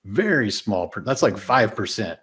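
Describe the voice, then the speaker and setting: A man's voice: lowish voice, moderate pace, slightly rough. A man speaking as a podcast guest, telling candid stories in casual interview talk and acting out his own past thoughts. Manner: candid, animated storytelling with quoted self-talk. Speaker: podcast guest, business mentor.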